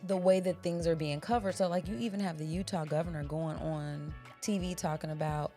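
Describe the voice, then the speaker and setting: A woman's voice: low-pitched, steady tone, a little fast, warm tone, faint music behind. A woman co-hosting a podcast in casual chat, talking bluntly and emphatically and swearing freely. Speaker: podcast co-host.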